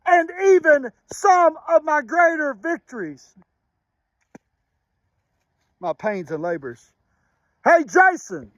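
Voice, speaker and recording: A man giving an emotional spoken testimony and prayer as a motivational speaker, impassioned and preacherly, dropping to a hushed voice at times. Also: very high voice, no echo, muffled recording. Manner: impassioned, preacherly, with pauses and sudden drops to a hushed voice.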